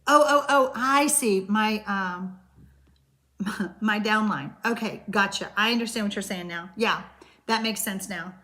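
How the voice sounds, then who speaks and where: A woman's voice: mid-range voice, unhurried, sharp tone. A woman hosting a live-streamed card-making class, chatting loosely with viewers and answering their comments, with frequent hesitations.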